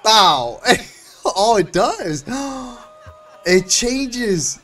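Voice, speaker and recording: A man streaming live gameplay, reacting with lots of laughter and slangy, excited commentary. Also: on the high side, a little slow. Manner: slangy and swearing. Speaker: game streamer.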